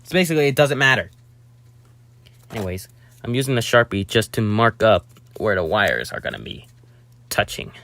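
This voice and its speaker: A young man casually narrating a hobby build, rambling and talking to himself with sudden excitable outbursts. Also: fairly low pitch, normal speed, long pauses.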